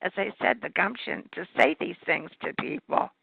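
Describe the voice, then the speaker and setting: A woman's voice: fairly low pitch, expressive, normal speed, vocal fry, husky, dry recording. A woman guest on a talk show who agrees and praises the host in casual conversation. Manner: agreeable, admiring listener. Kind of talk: casual chat. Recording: tinny phone line, dry.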